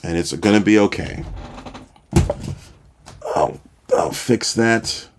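Deep, slow-talking male podcast host. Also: a little hiss or hum. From Chicago, USA. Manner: relaxed, self-deprecating storyteller, chuckles at himself. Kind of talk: casual storytelling monologue.

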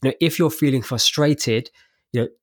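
A man's voice: mid-range voice, moderate pace, no echo. Male podcast co-host, conversational interviewer, dry close mic. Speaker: podcast co-host asking questions. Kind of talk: casual conversational podcast talk.

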